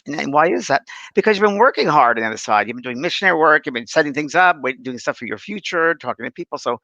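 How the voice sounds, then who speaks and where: Animated gravelly man telling stories. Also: on the high side, fast, no room sound, dull audio. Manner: animated storyteller, acts out voices, frequent restarts. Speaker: spiritual medium, co-host. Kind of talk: casual podcast storytelling.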